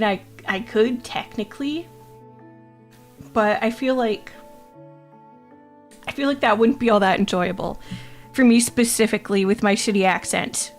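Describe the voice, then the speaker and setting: A woman streaming casually, reading chat aloud, joking crudely and laughing often, often repeating her own phrases. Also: a little high. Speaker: VTuber streamer.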